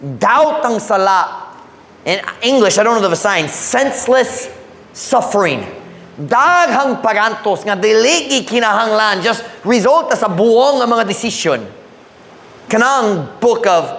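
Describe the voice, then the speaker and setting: A male pastor reading scripture, praying and preaching a sermon in a church, switching between English and Visayan with slow, emphatic phrasing. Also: sits high, very animated, vocal fry, a bit bright. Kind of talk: sermon, Bible reading and prayer.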